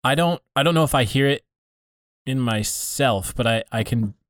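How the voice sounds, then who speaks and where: A man's voice: medium pitch, normal speed, a bit bright, no room sound. A man from Montana co-hosting a podcast, talking casually and often repeating words as he thinks. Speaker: podcast co-host. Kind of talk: casual chat.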